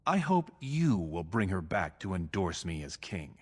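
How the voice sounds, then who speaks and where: Calculating dwarf prince: low American voice, smooth persuasion, reverberant. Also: male voice, big pitch swings, heavily acted. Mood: persuasive. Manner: measured, persuasive. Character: scheming male dwarf prince. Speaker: game character. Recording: game audio with long reverb.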